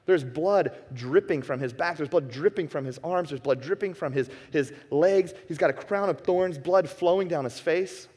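A male pastor preaching to his congregation with real passion, his fairly high voice moving between hushed, quiet stretches and forceful peaks. The sound carries the long reverb of a church sanctuary. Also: moderate pace, few pauses, slightly rough. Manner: impassioned, swings from hushed to emphatic. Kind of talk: sermon.

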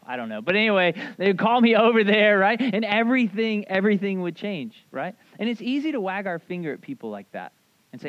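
A man's voice: high voice, lively intonation, fast talker, a bit bright, dry recording. A man preaching a casual, conversational sermon as a youth pastor, rambling through stories with lots of fillers and "right?". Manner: rambling, filler-heavy storytelling with frequent "right?". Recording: dull lo-fi sound.

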